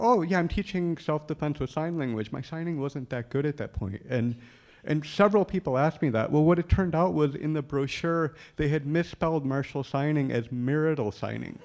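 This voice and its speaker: Speaking in a slightly high, slightly mellow voice, a man relates an amusing personal story as a humorous storyteller. He laughs a lot and performs the dialogue of the people involved.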